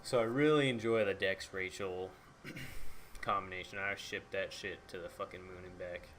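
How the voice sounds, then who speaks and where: Young male vlogger, lower voice, loose and profane, faint background hum. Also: steady tone, fairly bright tone. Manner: casual, swears freely, lots of fillers; acts out characters' lines in quick asides. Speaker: book reviewer. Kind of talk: casual book and movie review.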